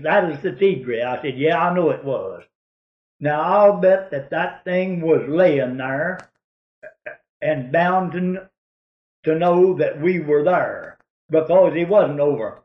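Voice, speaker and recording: A man's voice: fairly high pitch, roomy sound, dull audio. A man telling a rambling, folksy hunting story in a drawling way.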